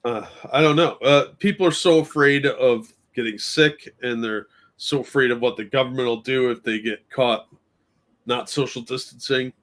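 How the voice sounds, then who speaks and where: A man's voice: mid-range voice, normal speed, a bit bright. A man in casual talk, indignant and blunt. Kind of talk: casual chat.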